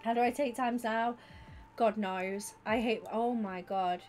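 A young woman streaming live, chatting with her viewers in an excitable, rambling way. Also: a little high, measured pace, faint music behind. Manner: chatty and excitable, talks to chat by name. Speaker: Twitch streamer. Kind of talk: casual livestream chat with viewers.

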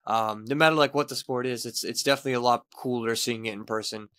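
A man's voice: medium pitch, steady tone, quick pace, a bit bright, no room sound. Easygoing man, dry close sound. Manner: encouraging, lots of fillers. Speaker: podcast co-host. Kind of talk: casual chat.

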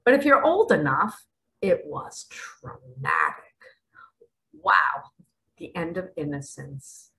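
A woman's voice: low-pitched, huge pitch swings, slow pace, creaky, pushed and bright, rough recording. A middle-aged woman giving impassioned spiritual commentary, emphatic and dramatic, sometimes dropping to a whisper. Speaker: spiritual vlogger.

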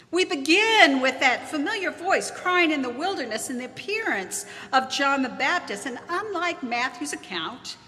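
A woman pastor giving a measured, expressive sermon with dramatic pauses in a church sanctuary. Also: sits high, big-room sound.

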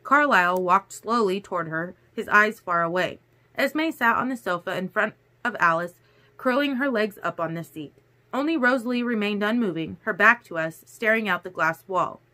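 Woman audiobook reader, bright and clear, first-person narration. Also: medium pitch, animated, moderate pace.

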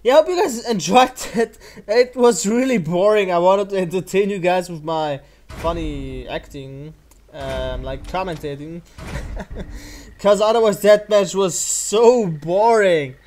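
High-voiced excitable gaming commentator man. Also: measured pace. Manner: excitable, loud whoops, frequent swearing and exclamations. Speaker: channel host playing a mobile game.

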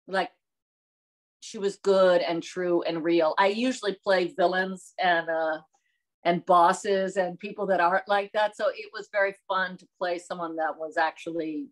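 A middle-aged woman from the American South, chatting in an interview as a guest, lively and quick to laugh, acting out quotes as she tells stories. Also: lowish voice. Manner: animated, laughs often, acts out quotes. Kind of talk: casual interview chat.

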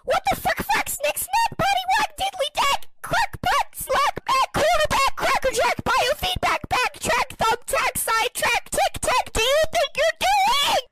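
Shrill, squeaky young girl, rattling off a nonsense rhyming rant; dry sound. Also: very animated, unhurried, few pauses, bright, forceful tone, no room sound, exaggerated voice. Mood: outraged.

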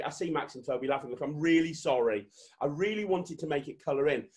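A man with a British accent hosting an interactive children's magic show over video, playful and mock-stern, building to excited shouts. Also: on the high side, fast talker, reverberant, far from the mic. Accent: British English. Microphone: webcam.

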